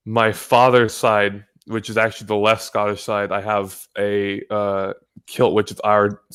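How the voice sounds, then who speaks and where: A man's voice: on the low side, fairly bright tone, clear, resonant tone. A man from the United States, a guest on the show, talking in a rambling casual way, swearing freely and often restarting his sentences. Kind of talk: casual chat. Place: home in California.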